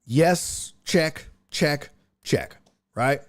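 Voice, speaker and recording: A man's voice: on the high side, drawn-out words. A man hosting a sports talk show, chatting casually and thinking aloud as he reacts to the news.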